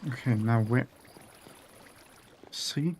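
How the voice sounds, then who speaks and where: A man's voice: medium pitch, drawn-out words, a little mellow, slight background noise. Swearing young man narrating his building. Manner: chatty, swears a lot, talks to himself while building. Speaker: gaming streamer. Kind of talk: casual gameplay commentary.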